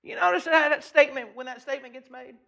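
A man preaching a sermon, reading scripture aloud and earnestly slowing down and swelling his voice for emphasis. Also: very high voice, vocal fry, bright, forceful tone, lo-fi sound.

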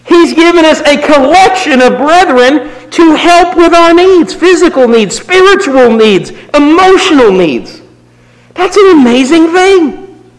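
A man preaching a sermon, swinging from raised emphatic lines to low, quiet asides. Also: expressive, measured pace. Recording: long reverb of a hall.

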